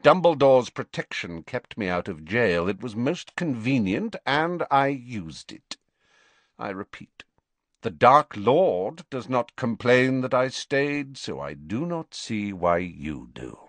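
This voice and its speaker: A man voicing a composed wizard spy who speaks in a calm, bored, measured manner. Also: medium pitch, no room sound, pitched above the performer's own voice, exaggerated voice. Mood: cold calm.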